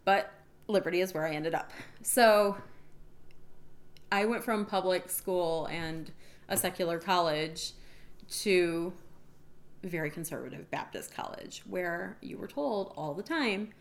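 A woman's voice: on the low side, a little slow. A woman talking as a podcast guest in casual chat, telling her story in a chatty way.

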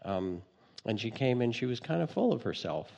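Male meditation teacher, gentle and wry, gravelly timbre, recorded in a hall with a long reverb tail. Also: mid-range voice, sing-song, normal speed, lo-fi sound. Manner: gentle storytelling with light humor. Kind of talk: dharma talk.

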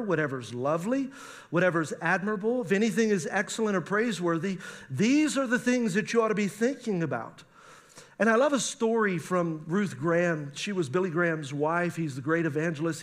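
A middle-aged male pastor preaching a sermon on marriage, animated and acting out spouses' voices. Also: high voice.

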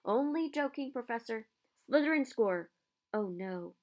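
A woman voicing a cheeky young male sports commentator in a storybook reading, calling the play with excitement. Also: fairly high pitch, unhurried. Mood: excited.

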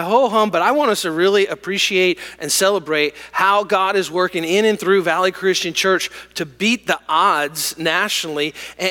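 Male lead pastor, high bright voice, casual sermon with rising emphasis, reverberant church. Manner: conversational and joking, building to emphatic repetition. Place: church sanctuary. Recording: hall reverb.

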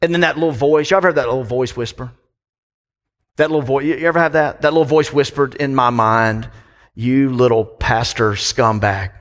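A man's voice: on the high side, quick pace, fairly bright tone, in a large hall. A man preaching a sermon as pastor, conversational and full of questions to the congregation.

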